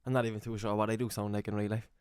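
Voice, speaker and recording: A man's voice: on the low side, little pitch movement, rapid-fire, smooth, dry recording, studio quality. A young man with a Cork Irish accent hosting a podcast, playful and swearing in casual chat. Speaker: podcast host. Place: bedroom.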